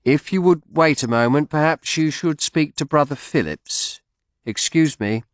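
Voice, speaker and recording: A man voicing a flustered clerk, raised pitch, deferential, quick to pass things on. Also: no echo, studio quality, natural voice. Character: nervous little male clerk, flustered.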